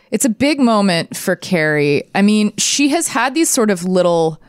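A woman's voice: fairly low pitch, clean tone, no room sound, clean studio sound. A woman co-hosting a podcast in casual chat, reacting eagerly and asking questions. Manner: reactive, engaged, quick to gasp and ask questions. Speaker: podcast co-host.

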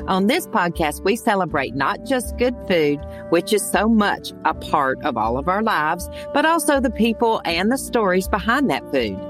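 A woman's voice: mid-range voice, sing-song, over music. Chatty Southern woman podcast host. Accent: Southern American. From American South. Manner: chatty and effusive, quick asides. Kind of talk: conversational podcast interview.

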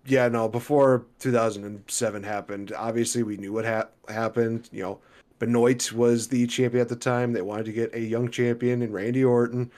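A man's voice: medium pitch, darkish tone. A man in his twenties co-hosting a podcast in casual, chatty talk, laughing between remarks. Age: 20s. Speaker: podcast co-host. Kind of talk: casual chat.

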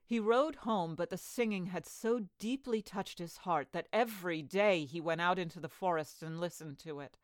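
A woman reading a fairy tale aloud as a storyteller, with an expressive storybook delivery. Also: fairly low pitch, normal speed, few pauses, dry recording.

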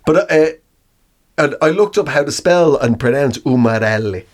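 A man's voice: medium pitch, animated, normal speed, a little mellow. A man, co-hosting a casual comedy chat, laughing often and poking fun at himself. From Ireland. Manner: giggly, self-mocking, laughs often. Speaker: podcast co-host.

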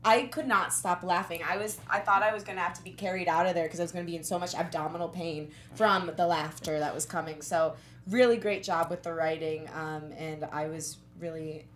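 A woman's voice: on the low side, steady tone, fairly quick, a bit bright, slight background noise. A woman on a casual film review panel, jokey and earnest.

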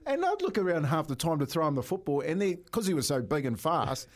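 A man co-hosting a radio show, telling an animated story in a casual, laughing way. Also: a little high, fast. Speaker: radio co-host. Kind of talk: casual banter.

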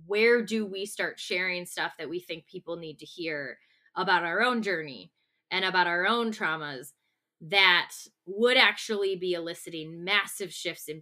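Earnest woman with a bright voice. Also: lowish voice. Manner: earnest and gentle, with many restarts. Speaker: podcast co-host. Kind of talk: casual podcast talk.

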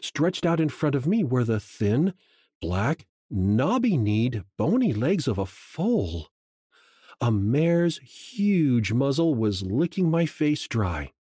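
Guy reading an audiobook, hushed and measured, pitch rises and falls a lot, dry close sound. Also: sing-song, husky, no echo. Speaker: audiobook narrator. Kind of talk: first-person scripted narration.

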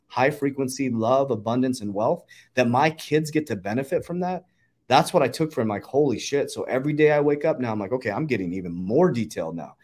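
Brief: thirties man, quick emphatic talker, casual podcast guest. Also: medium pitch, a little mellow. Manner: fast, emphatic storytelling with swearing. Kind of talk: casual conversation.

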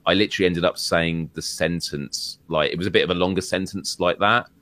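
Deep-voiced British man musing aloud. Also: steady tone, fairly quick, pushed and bright, no room sound. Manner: reflective, rambling, with repetitions. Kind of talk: casual chat.

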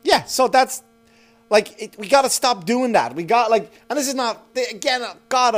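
A man with a fairly high voice rambles through a story in a loose podcast monologue. He swears freely and talks with animated energy. A low mains hum sits under the recording. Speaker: podcast host. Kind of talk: casual monologue.

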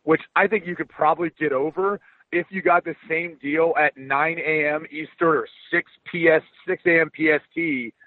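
A man analyzing football over a phone call, speaking in a relaxed, conversational way with filler ums. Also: a little high, moderate pace, no echo. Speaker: guest analyst. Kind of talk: casual sports analysis. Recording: tinny phone line.

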